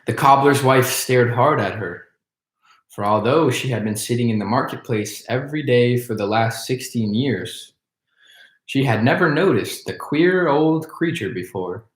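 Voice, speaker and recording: A man reading a children's storybook aloud, in a slow, measured style. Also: medium pitch. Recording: echoey room.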